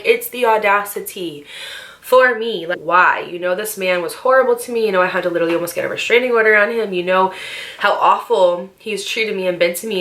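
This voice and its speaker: A woman's voice: mid-range voice, fairly bright tone. Chatty young woman telling a dramatic story. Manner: chatty and dramatic, with slang and swearing. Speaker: storytime vlogger. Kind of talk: casual storytime monologue.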